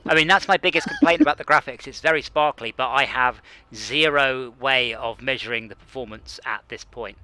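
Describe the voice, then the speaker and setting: Bright-toned man rambling through a game. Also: medium pitch, fairly quick, hardly any pauses, clean tone. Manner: rambling, self-mocking, talks to himself while playing. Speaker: game streamer. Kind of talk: casual gaming chat.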